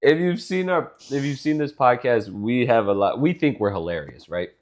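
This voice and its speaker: A man's voice: mid-range voice, animated, moderate pace. A young man co-hosting a podcast with his sister, teasing her bluntly and swearing in casual chat. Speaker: podcast co-host.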